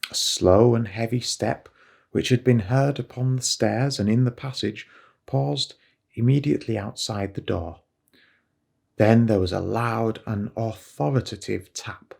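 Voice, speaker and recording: Slow, gravelly man reading aloud. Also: medium pitch, darkish tone. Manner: slow, careful reading with vocabulary asides. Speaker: English teacher. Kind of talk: reading a story aloud for learners.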